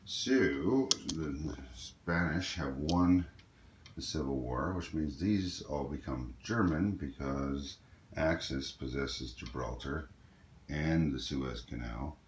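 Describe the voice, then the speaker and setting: A very deep-voiced man talks slowly and casually about his moves in a strategy board game, hesitating often with ums and uhs. The recording has echo and faint noise.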